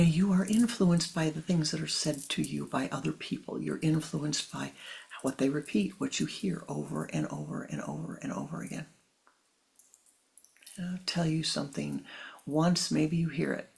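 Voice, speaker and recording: A spiritual teacher giving a slow, meditative talk, often repeating phrases and dropping into soft, whispery stretches. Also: medium pitch, lively intonation, gravelly.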